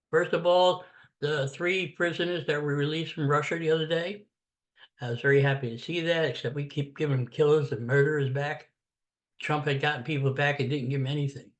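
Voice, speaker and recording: A man's voice: on the high side, a bit bright. Blunt older man ranting sarcastically. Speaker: political commentator. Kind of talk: casual political rant.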